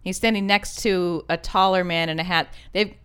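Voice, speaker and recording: Female podcast co-host, smooth clear voice, wry and joking, casual chat. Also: lowish voice, steady tone, moderate pace, fairly bright tone.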